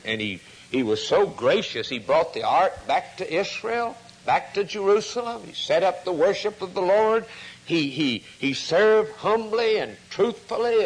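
Slightly rough-voiced, this preacher tells a story in his sermon and voices each quoted speaker, going higher in pitch when moved. The audio is poor.

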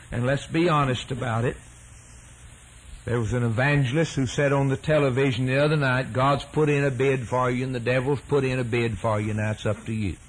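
A man preaching a sermon emphatically, repeating phrases and swelling his pitch and volume to stress key words. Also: slight background noise, rough recording.

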